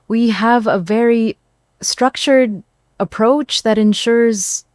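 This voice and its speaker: A man's voice: extremely high pitch, no echo, studio quality, pitched above the performer's own voice. Woman voicing a slurring, confused husband. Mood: confused, faltering. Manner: halting, trailing off mid-sentence.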